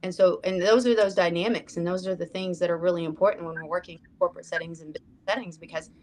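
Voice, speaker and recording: A woman's voice: on the low side, steady tone, fast, darkish tone. A woman speaking on a roundtable panel, earnest, often checking in with "right?". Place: room with a group.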